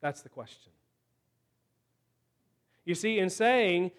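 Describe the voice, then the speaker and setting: A man preaching a sermon, slow and emphatic, with dramatic pauses between phrases. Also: high voice, fairly even intonation, a bit bright.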